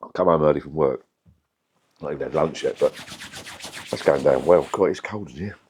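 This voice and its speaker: A middle-aged man with a deep voice, chatting casually and rambling to camera in his home vlog. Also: normal speed, a little mellow, slightly rough. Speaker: vlogger.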